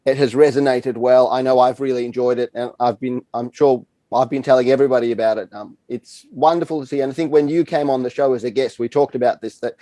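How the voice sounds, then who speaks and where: A man's voice: mid-range voice, steady tone, fast talker, hardly any pauses, dark tone. A man hosting a tongue-in-cheek awards segment from home over a video call, teasing and self-mocking with dry humor. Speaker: awards presenter.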